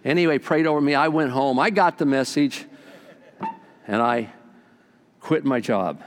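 An older man preaching a sermon as pastor, telling stories with enthusiasm and swinging from loud bursts to hushed asides. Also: medium pitch, measured pace, pauses often. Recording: long hall reverb.

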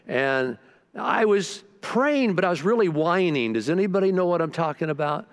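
A man's voice: on the high side, expressive, moderate pace, clear, resonant tone. A man preaching a sermon, telling stories with repeated restarts and rising into bursts of fervor. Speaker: pastor.

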